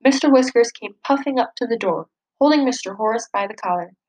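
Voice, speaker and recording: A woman reads a children's picture book aloud in a slightly high voice. She is gently expressive and lifts her voice for the characters' lines. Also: fairly quick, low-quality recording. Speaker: storybook reader.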